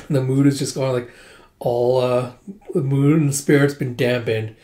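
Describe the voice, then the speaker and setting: A man's voice: medium pitch, steady tone, moderate pace, warm tone. Casual man reading a comic aloud. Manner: retells dialogue with "it's like", chuckling. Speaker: manga reader. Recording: echoey room.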